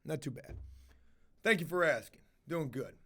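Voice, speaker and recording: High-voiced, foul-mouthed man rambling. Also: lively intonation, moderate pace, sharp tone, breathy edge. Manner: profane, rambling, blunt. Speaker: livestream host reading chat. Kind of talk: casual livestream chat.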